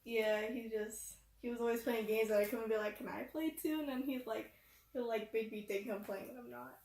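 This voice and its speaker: A woman's voice: a little high, flat delivery, fairly quick, a little mellow. A teenage girl talking casually about her family, hesitant and full of "like". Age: teens. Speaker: daughter. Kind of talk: casual chat. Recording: echoey room.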